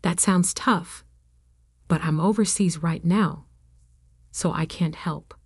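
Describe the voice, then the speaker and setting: A woman's voice: on the low side, slow, a little mellow, breathy edge, no room sound, clean studio sound, heavily acted. A woman voicing a selfish, jobless husband who makes pushy, whining demands in a read-aloud story. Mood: demanding.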